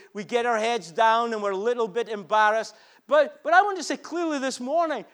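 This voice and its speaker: A man with a strikingly high voice preaches to a congregation at a church service. He repeats his lines and drags out key phrases for emphasis, with a fervent, driving sermon cadence. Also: a bit bright. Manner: emphatic and repetitive, slowing down to stress key phrases.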